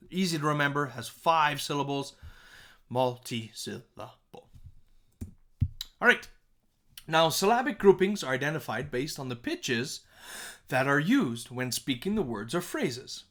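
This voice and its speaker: A man teaching a music composition lesson, repeating words aloud to show their pitch and often checking in with "okay?". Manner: animated, sing-song emphasis. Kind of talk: recorded classroom lesson.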